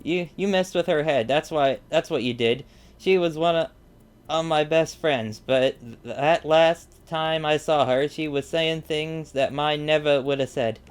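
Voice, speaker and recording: A man's voice: a little high, unhurried, smooth, faint music behind, close to an everyday voice. A man reading out the lines of a brash, loyal young male duelist. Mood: defiant. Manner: reading game dialogue aloud, earnest.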